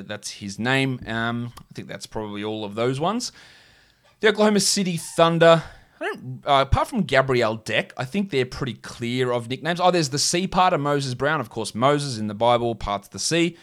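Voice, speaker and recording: A man's voice: mid-range voice, a bit bright. An Australian man hosting a podcast, chatting casually and joking as he thinks aloud, with plenty of fillers. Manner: rambling, jokey, thinks aloud with many fillers. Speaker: podcast host. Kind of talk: casual solo podcast chat.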